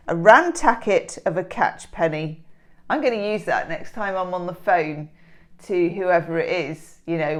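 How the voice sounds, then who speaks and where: A middle-aged woman, rambling and joking with herself through a daily tarot reading in her home kitchen. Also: lowish voice. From England. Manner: rambling, self-mocking, giggly asides. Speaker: tarot reader.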